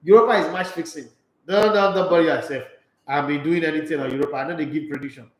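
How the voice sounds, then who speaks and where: A man with a Nigerian accent hosting a sports talk show, chatting casually and reading viewer comments in a playful, animated way. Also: fairly high pitch, fast, echoey room, low-quality recording. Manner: playful, animated, slipping into Pidgin.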